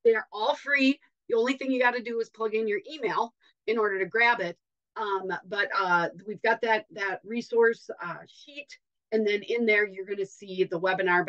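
A woman with a Wisconsin accent hosts a podcast, chatty and upbeat, peppering her talk with fillers. Her voice sits at a middle pitch, and the recording is a little dull. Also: fairly bright tone. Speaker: podcast host. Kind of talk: casual podcast intro.

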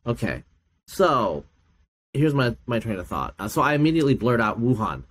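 A middle-aged man, a podcast guest and geneticist, chatting casually and telling stories, with many fillers and laughs. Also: moderate pace. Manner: animated storyteller, acts out quoted people with big pitch jumps. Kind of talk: casual chat.

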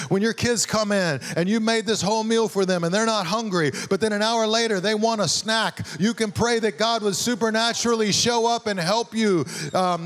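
Pastor preaching with conversational energy. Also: male voice, on the high side. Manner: conversational storytelling, acts out quoted lines. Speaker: guest pastor. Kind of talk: sermon.

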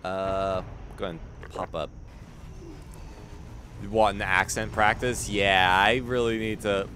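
A man's voice: fairly low pitch, fairly even intonation, measured pace, bright, forceful tone, a little hiss or hum. A man streaming a video game, chatting casually and rambling as he answers chat, chuckling often. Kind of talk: casual gaming livestream chat.

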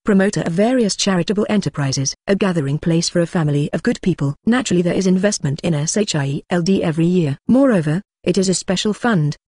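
An even, machine-like audiobook narration at a middling pitch. The reading stays measured and steady throughout. It is recorded close and completely dry, with no room sound. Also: dry recording. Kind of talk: scripted narration.

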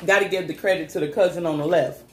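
A woman hosting a casual eating chat, teasing and lively with frequent laughs. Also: fairly low pitch, quick pace, crowd noise. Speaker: mukbang host. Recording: echoey room with faint noise.

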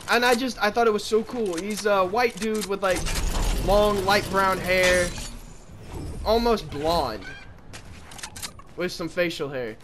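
A man's voice: high voice, takes it slowly, long pauses, background noise. A man in his twenties rambling and cursing while commenting on his gameplay. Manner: rambling, swears often, loud outbursts at the game. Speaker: gaming streamer.

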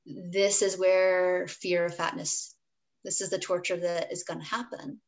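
A woman's voice: fairly low pitch, level tone, measured pace, poor audio. A woman guest, a dietitian, telling a candid personal story in an interview, earnest and full of restarts and asides. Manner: briefly acts out her past self in quoted speech.

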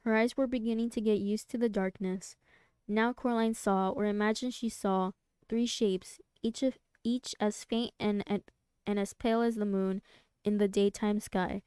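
A woman streamer reading a novel aloud live, soft-spoken, now and then stumbling and restarting a word. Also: mid-range voice, fairly even intonation, normal speed, smooth, dry recording. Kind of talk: live read-aloud narration.

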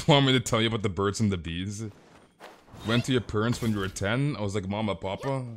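A man's voice: lowish voice, a little fast, a bit bright, a little hiss or hum. A young man streaming a game live, rambling casually with stammered restarts and slang while talking to his chat. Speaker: gaming livestreamer.

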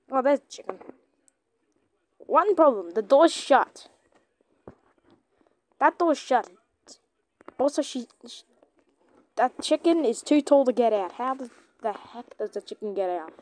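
High-voiced excitable woman gamer. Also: unhurried, pauses often, slight background noise. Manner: excitable, yelps and shouts at teammates; chatty, talks to a toy companion. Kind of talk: gameplay commentary.

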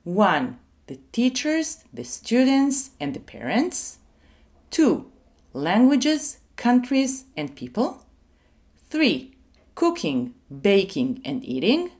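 Slow, lively woman music teacher for kids. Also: on the high side. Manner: slow, clear and sing-song, leading call-and-repeat. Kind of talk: children's music lesson.

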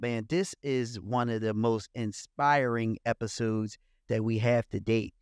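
A man's voice: medium pitch, fairly even intonation, measured pace, hardly any pauses, clean tone, no room sound, studio quality. A man hosting a podcast, upbeat and repeating his praise as he wraps up the show. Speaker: podcast host. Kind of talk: casual interview.

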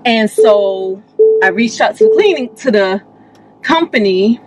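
A woman in her thirties chats to camera as she moves through her home, relaxed and talkative. Her voice sits at a middling pitch, and the sound is picked up on a handheld camera indoors. She speaks to her viewers with easy, informal slang. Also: unhurried, background noise. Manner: chatty, talks straight to viewers with "y'all". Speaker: vlogger. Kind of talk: casual home vlog talking to camera. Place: inside a home, walking between rooms.

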